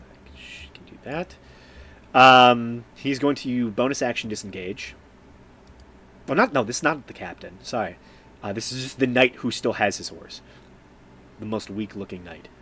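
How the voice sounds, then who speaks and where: A man running a tabletop game as game master, relaxed and peppered with fillers and small laughs. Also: on the low side, slight background noise. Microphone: streaming microphone.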